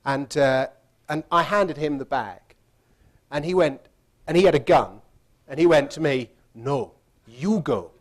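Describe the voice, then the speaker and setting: A man's voice: on the high side, measured pace, long pauses. A man telling a funny travel story in a chatty way, laughing as he goes. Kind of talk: anecdotal storytelling talk.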